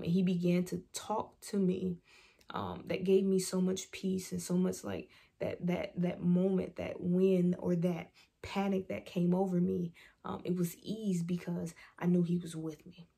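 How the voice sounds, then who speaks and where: A woman's voice: on the low side, little pitch movement, a little slow, creaky, mellow, husky. A woman vlog host giving an earnest devotional talk, reading scripture aloud and reflecting on it through personal testimony.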